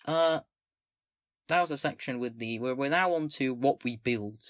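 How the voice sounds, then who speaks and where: A man's voice: mid-range voice, normal speed, no room sound, studio quality. A young man reading a document aloud with commentary, swearing casually, stumbling over words and mocking himself in asides. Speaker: political commentator.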